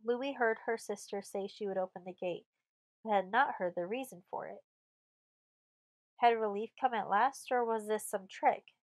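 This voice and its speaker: Lady reading a storybook aloud, steady pace, mid pitch, dry no-echo sound. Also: normal speed. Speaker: audiobook narrator. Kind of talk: scripted narration.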